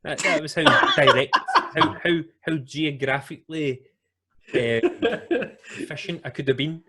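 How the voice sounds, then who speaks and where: A young Scottish man telling a long funny story on a podcast, rambling, animated and laughing often. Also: a little high, unhurried, heavy background noise. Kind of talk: casual storytelling.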